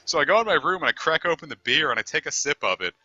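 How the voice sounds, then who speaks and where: A man's voice: a little high, expressive, fast talker, bright, forceful tone, slightly rough, dry recording, lo-fi sound. A man streaming a game, telling a long story in a rambling, easygoing way and swearing casually. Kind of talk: casual storytelling over gameplay.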